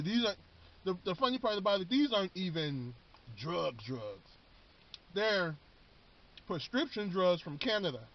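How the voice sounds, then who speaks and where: A man casually recapping a TV show in a rambling, slangy way, often repeating words. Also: a little high. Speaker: vlogger. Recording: dull lo-fi recording.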